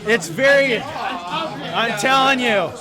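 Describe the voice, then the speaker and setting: A man casting a live tournament game, shouting in hyped excitement, with a cheering crowd and music behind him. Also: extremely high pitch, slow. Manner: shouting, hyped, loud exclamations. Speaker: esports caster.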